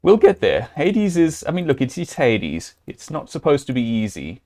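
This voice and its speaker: A man's voice: mid-range voice, wildly swooping pitch, moderate pace, darkish tone. A man streaming a live game, thinking aloud and talking to his viewers and his character, with many fillers and restarts. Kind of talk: live gameplay commentary.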